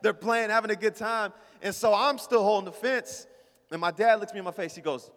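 A man's voice: high-pitched, brisk, fairly bright tone. A man preaching as a pastor, telling a story in a casual, playful way and talking straight to the congregation. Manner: casual, playful, talks to the crowd. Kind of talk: storytelling sermon. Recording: long hall reverb.

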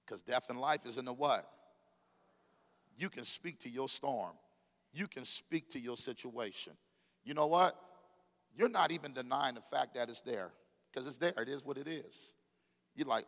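A man giving a sermon as a pastor, preaching with call-and-response and sudden loud bursts. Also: medium pitch, normal speed, pauses often, long reverb tail.

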